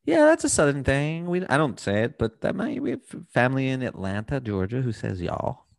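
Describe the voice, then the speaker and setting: A man's voice: medium pitch, very animated, fairly quick, vocal fry. A man hosting a podcast, chatting in a playful, rambling way. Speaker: podcast host. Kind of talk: casual interview chat.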